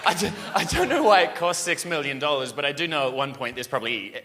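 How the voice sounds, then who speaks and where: A man's voice: on the high side, expressive, quick pace. A young Australian man with a laid-back, self-deprecating way of talking, chatting as a guest on a live stage. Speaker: audience member guest. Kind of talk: casual chat on stage. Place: theater stage, live audience. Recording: live stage in a hall, audience noise.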